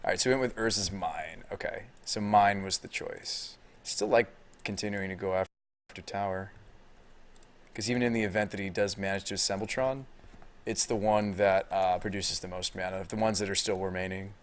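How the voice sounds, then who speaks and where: A man streaming live, commenting on a card game and chatting with viewers in a deadpan delivery with little inflection. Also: low-pitched, normal speed. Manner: thinks aloud, chats with viewers.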